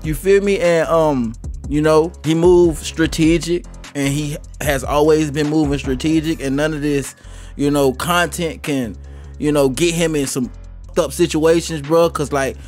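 A man hosting a music reaction video, slangy and animated, talking straight to the rapper. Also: on the high side, unhurried. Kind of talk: casual reaction commentary. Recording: faint music playing behind.

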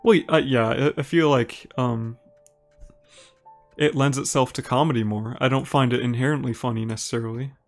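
This relaxed Upper Midwest American streamer from Minnesota talks through a live game at a moderate pace, with faint music in the background. His voice sits at an ordinary middle pitch, and he laughs easily as he reads chat aloud and responds. Chatty and casual, he addresses his viewers by name.

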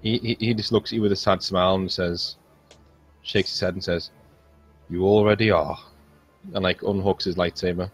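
A man with a fairly low, husky voice runs a tabletop role-playing session. He laughs easily and repeats words as he voices the characters. Soft music plays in the background. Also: fairly even intonation, a little fast. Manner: laughs often, stammers into quoted lines. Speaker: game master. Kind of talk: narrating a tabletop game.

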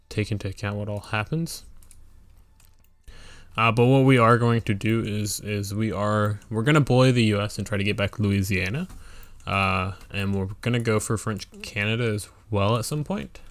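A man's voice: on the low side, dry recording. A man hosting a let's play, giving casual strategy game commentary and thinking aloud with fillers and restarts.

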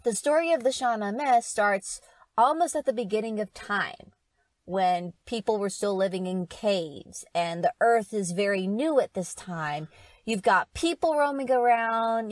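A woman's voice: a little high, no room sound. A woman hosting a casual podcast, explaining with frequent laughs. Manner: explaining, giggly. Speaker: podcast host. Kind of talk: casual chat.

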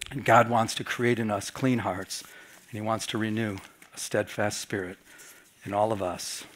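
Speaking a little slowly in a fairly low voice, a middle-aged pastor shares a personal story at a Bible study. He dramatizes his reactions, his volume swinging vividly from loud to soft.

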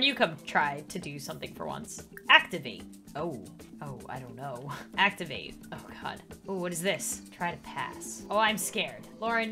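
A young woman playing a life-simulation game and commenting, reading the game text aloud, often shrieking and laughing. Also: mid-range voice. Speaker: gaming YouTuber. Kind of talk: Let's Play commentary.

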